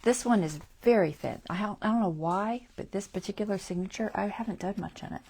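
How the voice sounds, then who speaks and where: A woman hosting a crafting livestream from home, chatting casually as she thinks aloud through her choices and often dropping into soft, half-whispered asides. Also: lowish voice, vocal fry, a little hiss or hum. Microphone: wearing a mic.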